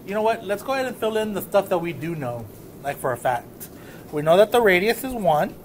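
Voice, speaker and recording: A male math teacher giving a recorded lesson in a casual, relaxed way, often checking in with the class. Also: high voice, fairly quick, a little hiss or hum. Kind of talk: recorded lesson walking through notes.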